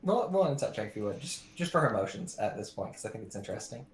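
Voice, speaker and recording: A man's voice: fairly low pitch, sing-song, very fast. A man narrating as game master in a tabletop game, talking in a rambling, hesitant way with many fillers. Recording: echoey room with faint noise.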